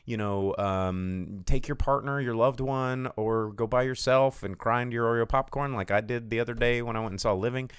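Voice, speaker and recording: A man co-hosting a casual movie-talk show, telling stories with lots of fillers and restarts and jumping high when he quotes other people. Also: normal speed, few pauses, clear, resonant tone, dry recording, clean studio sound. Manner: animated storytelling, jumps high for quoted voices; rambling with many fillers and restarts. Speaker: podcast co-host.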